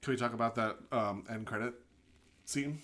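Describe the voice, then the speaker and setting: A woman's voice: very deep voice, normal speed, a bit bright. A woman co-hosting a podcast, chatting casually about a movie, blunt and swearing, laughing often. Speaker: podcast co-host.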